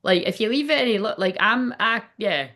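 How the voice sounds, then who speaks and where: A Scottish woman reads tarot on a livestream in a loose, chatty way. She is blunt and swears freely, and her speech is full of fillers and restarts. Her voice sits at a middle pitch. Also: expressive, a little fast, sharp tone. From Scotland. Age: adult, ten years online. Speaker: spiritual reader on a livestream. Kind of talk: casual live tarot reading.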